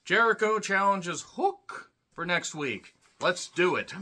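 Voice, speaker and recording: A man giving a blunt, profane solo review of a wrestling show, ranting and clearing his throat often. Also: sits high, animated, slow, pushed and bright.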